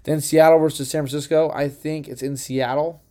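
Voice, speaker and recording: Young male podcast host, mellow tone, rambling and profane, self-correcting, uneven home recording. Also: a little high, flat delivery, normal speed. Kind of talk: casual solo sports podcast.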